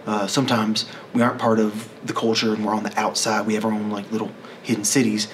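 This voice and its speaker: A man's voice: fairly low pitch, monotone, quick pace, a little hiss or hum. A man talking in a casual, rambling, profane monologue, often correcting himself mid-sentence.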